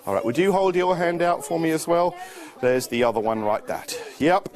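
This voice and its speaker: A man performing a live children's magic show, teaching tricks and coaxing young helpers in a playful, animated way. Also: a little high, moderate pace.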